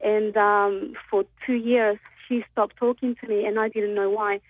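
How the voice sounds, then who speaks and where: Calling a radio program from Australia, this anxious woman shares a story peppered with hesitant ums. She speaks in a mid-range voice, flat and unhurried, over a tinny phone connection.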